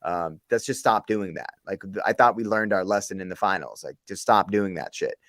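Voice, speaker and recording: A young man co-hosting a sports podcast, with a lowish voice and a casual, slangy, exasperated way of talking. The recording is dry and close. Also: moderate pace, a bit bright, no echo. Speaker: podcast co-host.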